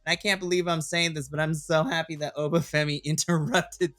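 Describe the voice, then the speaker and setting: A man in his thirties co-hosting a wrestling podcast, recapping matches in an animated way and laughing often. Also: a little high, fairly quick. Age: 30s. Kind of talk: casual chat.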